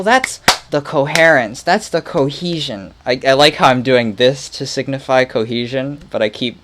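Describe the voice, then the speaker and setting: A man's voice: medium pitch, moderate pace, fairly bright tone, slight background noise. A man casually thinking aloud while making music on a livestream, muttering, playful and rambling.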